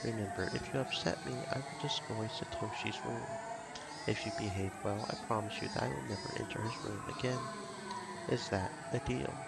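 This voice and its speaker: A man's voice: fairly low pitch, moderate pace, poor audio. A man voicing a menacing, hot-tempered male guardian who snaps at callers. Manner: gruff, impatient, snapping. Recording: game music behind.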